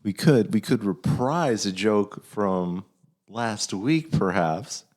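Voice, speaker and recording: A man with a low voice that swings widely in pitch hosts a dad-advice podcast. He talks casually in halting, self-deprecating bursts and slips in dad jokes. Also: lively intonation, darkish tone. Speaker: podcast host giving fatherly advice. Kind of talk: casual chat.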